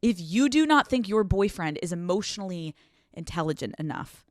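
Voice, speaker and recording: Young woman podcast host giving blunt advice, swears a lot, lowish voice, dry close mic. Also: normal speed, no room sound. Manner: blunt, profane, animated; acts out scenes with quoted voices. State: running on no sleep.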